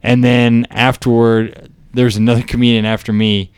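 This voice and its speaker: A man's voice: medium pitch, flat delivery, normal speed, a little mellow, clean tone, no room sound. A man, a comedian co-hosting a podcast, telling rambling anecdotes in casual chat. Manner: rambling anecdotes with fillers and restarts.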